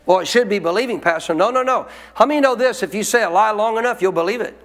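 A man's voice: sits high, fast talker, fairly bright tone. A man preaching a sermon as pastor, emphatic, driving his points home with rhetorical questions. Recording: long hall reverb.

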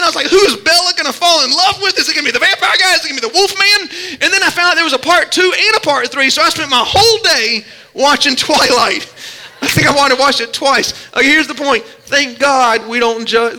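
A male preacher, delivering a sermon as dramatic storytelling that swings from hushed lows to shouted pleas.

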